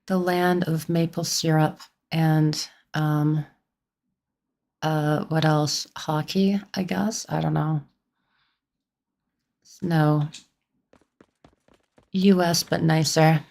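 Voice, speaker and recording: A woman's voice: low voice, steady tone, very slow, gravelly, long pauses, a little mellow. A young woman from Canada streaming a game, chatting casually with viewers in a rambling way full of "like" and restarts.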